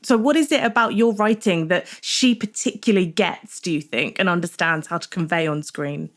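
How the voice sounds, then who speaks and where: A British woman interviewing a guest, warm-hearted and enthusiastic, asking long rambling questions full of "like". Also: lowish voice, moderate pace.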